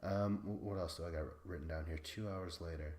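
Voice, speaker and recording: A man's voice: low-pitched, fairly even intonation, brisk, darkish tone, slight background noise. Rambling man in an echoey room. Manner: rambling, profane, self-deprecating, laughs often. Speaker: podcast host. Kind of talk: casual recap chat.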